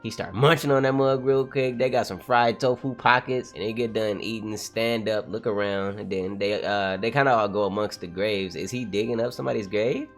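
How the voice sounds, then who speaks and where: A man doing a casual read-along reaction to a comic, talking in slang, getting excited and laughing often. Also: fairly low pitch, normal speed, hardly any pauses, faint music behind. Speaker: manga reaction streamer.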